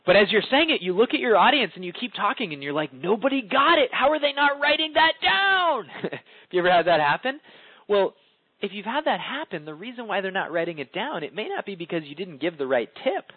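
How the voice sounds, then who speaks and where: A man leading a conference call, teaching public speaking in an animated coaching talk that swoops up and down for emphasis. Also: sits high, fast, slightly rough, dry recording. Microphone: phone. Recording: tinny phone line, dry.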